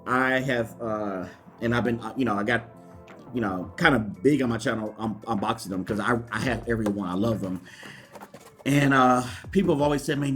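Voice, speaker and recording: A man vlogging an unboxing in an excited, casual way, laughing often and jumping high in pitch when thrilled. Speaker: YouTube vlogger.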